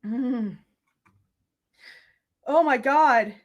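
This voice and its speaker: A woman's voice: a little high, a little slow. A young woman reacting live to true crime footage on a stream, casual and swearing often while she talks to her chat.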